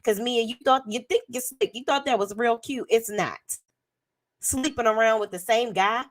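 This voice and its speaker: A hoarse woman giving a blunt, sassy, profane commentary as a reality TV reviewer. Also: a little high, moderate pace. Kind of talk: casual commentary.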